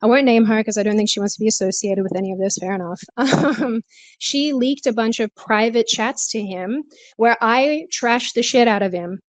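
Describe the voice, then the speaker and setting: A woman's voice: a little high, normal speed, no room sound. Woman guest, candid and emotional, stressed and a bit short of breath; dry, close recording. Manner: emotional, confessional, laughs often. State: stressed, out of breath while walking. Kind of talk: candid conversation. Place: walking, then sitting, on a remote call.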